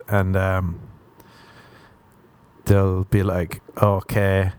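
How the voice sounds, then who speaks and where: A man's voice: fairly low pitch, normal speed, dark tone. A young man hosting a solo podcast, rambling crudely and mocking himself, often laughing at his own jokes. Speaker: podcast host. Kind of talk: solo comedic podcast rant.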